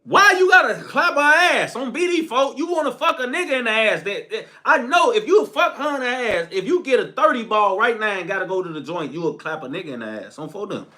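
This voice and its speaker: Young man, very high and bright voice, crude ranting commentary. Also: brisk, hardly any pauses. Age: young adult. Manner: animated, crude, laughing. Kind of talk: profane solo commentary rant.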